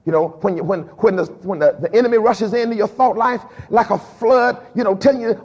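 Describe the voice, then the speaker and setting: A man a sermon as pastor, lively and emphatic, with frequent repeated words and casual dialect. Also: high voice, fairly quick, husky. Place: church sanctuary. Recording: dull lo-fi recording with long hall reverb.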